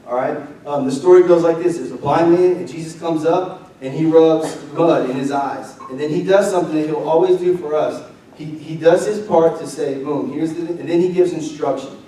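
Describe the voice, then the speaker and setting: A young man preaching a lively, conversational sermon as pastor, leading the congregation in call-and-response. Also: a little high, normal speed. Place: church sanctuary. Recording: roomy distant church mic.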